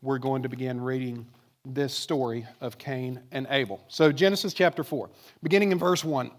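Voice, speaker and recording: A man's voice: mid-range voice, normal speed. A man preaching a sermon to a congregation, talking conversationally and asking many rhetorical questions. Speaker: pastor. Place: church with congregation.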